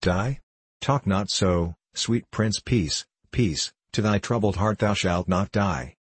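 A man plays an aging, dread king whose stern manner softens into slow, tender courtly speech. The voice sits low and husky. It is recorded dry and close. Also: dry recording. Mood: gentle, coaxing.

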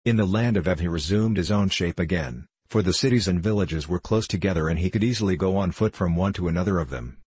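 A man reading a storybook aloud in a steady, measured way. His voice is deep and husky, and the close-miked recording is dry with no room sound. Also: dry recording. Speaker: narrator. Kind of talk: storybook audiobook narration.

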